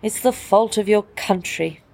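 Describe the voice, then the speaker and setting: A woman reading a wry English gentleman. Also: medium pitch, unhurried, creaky, pitched above the performer's own voice. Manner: wry, teasing.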